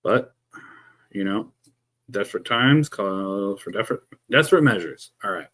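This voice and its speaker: A man's voice: on the low side, animated, normal speed, bright, forceful tone. Sarcastic man fumbling with his stream gear. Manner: dry sarcastic asides while fumbling with gear. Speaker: streamer setting up a live stream. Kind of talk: casual live-stream chat. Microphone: desk microphone he keeps adjusting.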